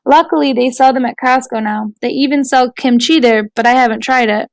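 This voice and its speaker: A woman voicing an earnest teenage girl who helps at a ramen shop, speaking softly. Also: sits high, fairly quick, dry recording.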